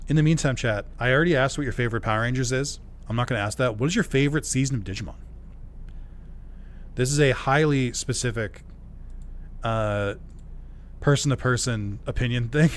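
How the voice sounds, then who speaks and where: A man's voice: medium pitch, fairly quick, long pauses, a little hiss or hum. A man streaming a video game, chatting casually with viewers in a rambling, jokey way, laughing often and swearing now and then.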